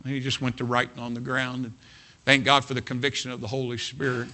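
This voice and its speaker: Casting: male preacher, bright, sharp voice, folksy storytelling sermon. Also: medium pitch, level tone, quick pace. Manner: folksy, repeats "you know what", swings from soft to loud.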